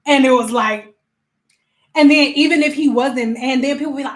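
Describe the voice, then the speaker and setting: A woman hosting a casual livestream as a spiritual coach, telling animated stories full of slang and acted-out quotes. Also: sits high, moderate pace. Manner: emphatic repetitions.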